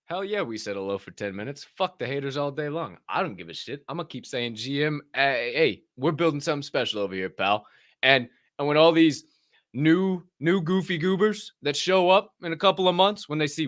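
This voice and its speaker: Young male host, rowdy and profane, lively pitch, slightly high. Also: a little fast, no room sound, studio quality. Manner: rowdy, joking, swears a lot, laughs at himself. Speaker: podcast host. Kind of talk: loose, profane livestream chat.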